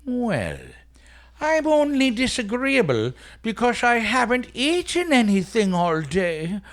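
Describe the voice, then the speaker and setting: Man putting on a jolly drunk Irish trickster, high lilting brogue, big swoops. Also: huge pitch swings, slow pace, a bit bright, heavily acted. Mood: cheeky. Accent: put-on Irish brogue.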